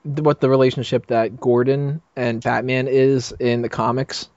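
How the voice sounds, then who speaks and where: A man's voice: mid-range voice, level tone, normal speed, darkish tone, no echo. A man chatting casually on a roundtable podcast, rambling with lots of fillers and laughing often. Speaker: podcast panelist. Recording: dull lo-fi mic, dry.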